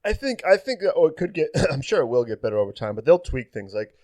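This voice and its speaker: A man's voice: a little high, sing-song, fast talker, darkish tone, no echo, studio quality. A young man co-hosting a casual gaming podcast, rambling with lots of fillers and restarts. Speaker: podcast co-host.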